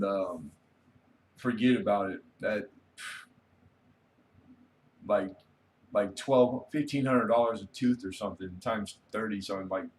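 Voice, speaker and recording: A man's voice: on the low side, darkish tone, slight background noise. Laid-back man hosting a late-night stream. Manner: laid-back, rambling, reads viewer comments aloud. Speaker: livestream host. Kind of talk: casual late-night livestream chat.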